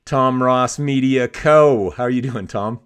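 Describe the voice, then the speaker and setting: A man's voice: medium pitch, measured pace, clean tone. A middle-aged man co-hosting a business podcast in an upbeat, joking way, laughing often. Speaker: podcast co-host. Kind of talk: casual business podcast chat.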